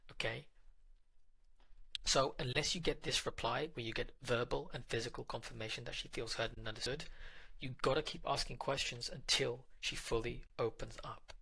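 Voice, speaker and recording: Gravelly man giving direct relationship advice. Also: mid-range voice, pushed and bright, rough recording. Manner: direct, instructive, addresses the listener. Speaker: relationship coach.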